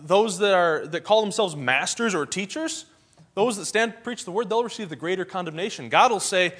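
A man's voice: high voice, expressive, a little fast, fairly bright tone. A man preaching a sermon in a folksy storytelling way, acting out the scenes he describes.

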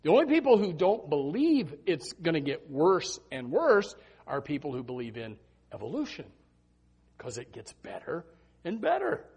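A man's voice: on the high side, wildly swooping pitch, moderate pace, vocal fry, a little mellow, slightly rough, lo-fi sound. A man preaching an impassioned, emphatic sermon as pastor.

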